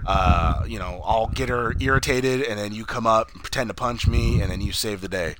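A man's voice: lowish voice, normal speed, few pauses, noisy background. A man co-hosting a casual movie review podcast, animatedly retelling scenes, acting out quoted lines and swearing a lot. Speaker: podcast co-host.

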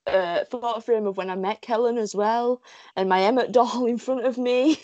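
A woman's voice: a little high, moderate pace, no room sound, muffled recording. Giggly British woman gushing as a fan. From United Kingdom. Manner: gushing, giggly, animated storytelling. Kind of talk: casual chat.

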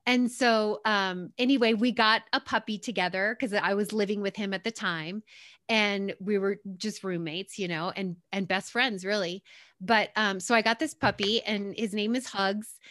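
A woman's voice: mid-range voice, fairly even intonation, moderate pace, a bit bright, no echo, clean studio sound. A young adult woman telling a personal story in a casual, rambling way, often circling back with "anyway" and "like". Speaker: guest sharing her story.

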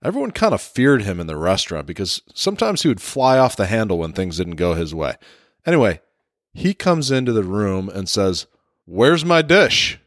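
A man's voice: deep voice, sing-song, brisk, no echo, studio quality. A man giving a motivational leadership talk, telling a personal story in an earnest, confessional way. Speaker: leadership speaker.

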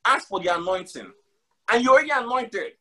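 High-voiced man preaching emphatically. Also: very animated, a little fast, sharp tone. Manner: emphatic, repeats lines for stress; casual slang mixed with scripture. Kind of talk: sermon.

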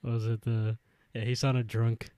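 A man's voice: mid-range voice, little pitch movement, a little slow, warm tone, smooth, no echo. Laid-back man with a dry sound. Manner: laid-back, laughs often, swears casually. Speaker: podcast co-host. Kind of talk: casual recap chat.

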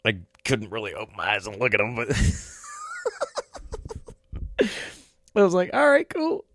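A man's voice: mid-range voice, wildly swooping pitch, slow, a bit bright, dry recording. A man hosting a podcast, rambling through a casual story, swearing a lot and laughing as he talks. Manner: rambling, swears often, laughs mid-sentence. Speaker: podcast host.

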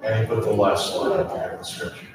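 A man preaching a sermon as pastor, slow and emphatic, repeatedly asking the congregation to speak to their neighbors. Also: lowish voice, little pitch movement, music in the background. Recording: echoey hall, mic at a distance.

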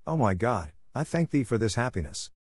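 A man voicing a blind, frail old grandmother, speaking softly and tenderly. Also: medium pitch, big pitch swings, brisk, breathy edge, no echo, clean studio sound. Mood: tearful.

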